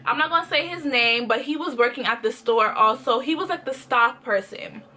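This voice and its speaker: Animated, bright-voiced young woman telling a story. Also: high-pitched, moderate pace, a little hiss or hum. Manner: animated, quotes people in lively voices; slangy and conversational. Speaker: vlogger. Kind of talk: casual storytime.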